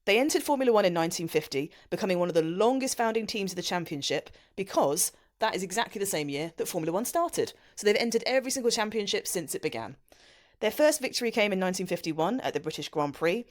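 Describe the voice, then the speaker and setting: A woman co-hosting a casual podcast, chatty and quick to laugh as she explains things. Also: mid-range voice. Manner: chatty, lively, laughs often. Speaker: podcast co-host.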